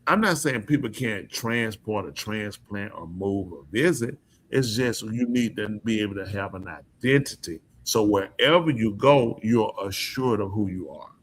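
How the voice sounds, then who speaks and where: On his podcast, a man shares casual opinions in a slightly rough, lowish voice with lively intonation and a normal pace. His style is emphatic and preachy, and he keeps putting questions to the audience.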